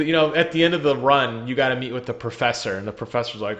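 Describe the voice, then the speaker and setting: A man's voice: medium pitch, quick pace, fairly bright tone, highs cut off. A man chatting casually on a gaming podcast over a remote call, joking and laughing often. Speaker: podcast co-host.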